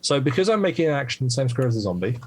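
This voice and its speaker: A man's voice: medium pitch, sing-song, racing, darkish tone, a little hiss or hum. A man, a game designer, patiently explaining the rules while demoing his board game, with many fillers.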